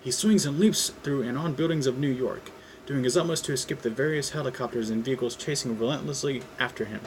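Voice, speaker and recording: A man reading his own fan script aloud in a casual, hesitant way, full of ums and throat clearing. His pitch sits mid-range for a man. Faint background noise runs under the recording. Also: brisk, rough recording. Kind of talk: casual read-aloud narration.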